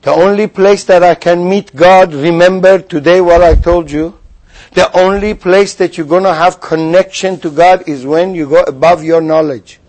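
Man, high voice, religious teacher asking questions in a spiritual lesson. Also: fairly even intonation, normal speed, a little mellow. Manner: questioning, acts out figures in quoted voices.

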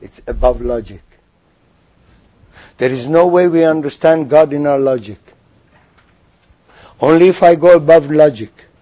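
Man, high voice, religious teacher asking questions in a spiritual lesson. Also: unhurried, pauses often, mellow. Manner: questioning, acts out figures in quoted voices.

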